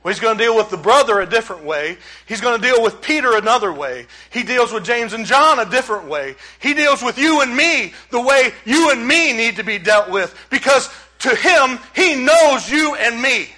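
Male pastor, sermon, conversational and emphatic, very high and bright voice. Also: animated, moderate pace, hardly any pauses, low-quality recording. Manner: conversational, emphatic, rhetorical questions.

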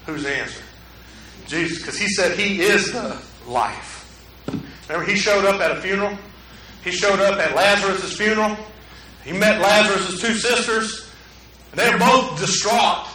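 A middle-aged man, preaching a sermon to a room, swinging from hushed to loud. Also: high voice, moderate pace, reverberant, distant mic, a little hiss or hum, poor audio. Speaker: pastor. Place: room with an audience.

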